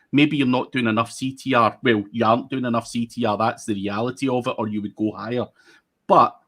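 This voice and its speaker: A man speaking as a guest on a livestream panel, giving blunt, casual advice from his own experience. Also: medium pitch. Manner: blunt, talks from own experience, quick asides.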